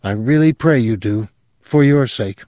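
A man's voice: medium pitch, a little slow, dark tone, no room sound, studio quality, lightly acted. A man voicing a fed-up wife who speaks in a level, controlled, toneless way, in an audiobook reading. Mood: flat. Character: cold, fed-up wife walking out.

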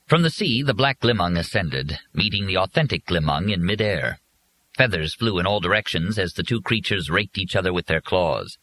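Man, audiobook narration, low voice, lively intonation, expressive. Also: moderate pace, poor audio. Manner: expressive reading.

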